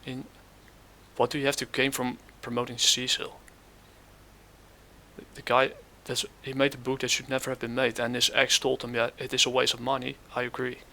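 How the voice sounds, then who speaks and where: A man with a gravelly, sharp edge to his voice talks in reaction commentary, keeping a flat delivery. He sounds scornful and halts often with fillers. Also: medium pitch, slight background noise. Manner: scornful, halting with many fillers. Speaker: commentary channel host.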